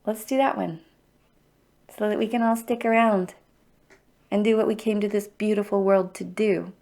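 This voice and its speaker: A woman's voice: mid-range voice, steady tone, normal speed, vocal fry, darkish tone. A middle-aged woman hosting a livestreamed EFT tapping circle, speaking in a heartfelt, openly emotional and encouraging way. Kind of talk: livestream guided tapping talk.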